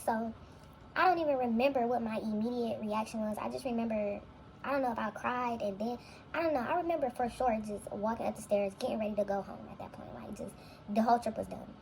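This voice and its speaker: Gravelly young woman telling a story. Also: fairly high pitch, fast talker, a little mellow, a little hiss or hum, rough recording. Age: young adult. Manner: rambling, reflective, heavy with fillers. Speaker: vlogger. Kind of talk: casual storytime monologue.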